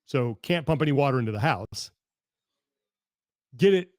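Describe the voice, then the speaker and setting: A man hosting a podcast over a video call, telling a story in an animated, exasperated way that keeps breaking off and restarting. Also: mid-range voice, normal speed, no room sound, studio quality. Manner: animated, exasperated rambling with self-interruptions. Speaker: podcast host. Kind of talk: casual storytelling chat.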